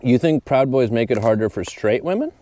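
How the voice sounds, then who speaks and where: A man's voice: medium pitch, lively intonation, brisk, dark tone, no room sound. A man hosting a casual podcast outdoors on a trail, sassy and laughing often, with some swearing. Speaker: podcast host. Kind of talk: casual chat.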